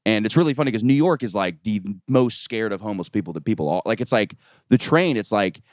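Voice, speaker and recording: A fast-talking man hosting a comedy podcast, his pitch bouncing up and down as he tells stories. His voice sits a little low and sounds dry and close to the mic. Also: no echo. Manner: rapid, animated storytelling with frequent laughs and repeated "yeah". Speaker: podcast host. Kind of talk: casual comedic chat.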